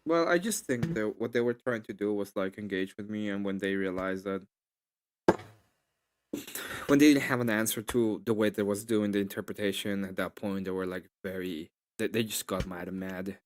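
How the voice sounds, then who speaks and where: A man in casual chat, retelling an argument in an animated, rambling way full of restarts. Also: lowish voice, moderate pace, slight background noise. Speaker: guest.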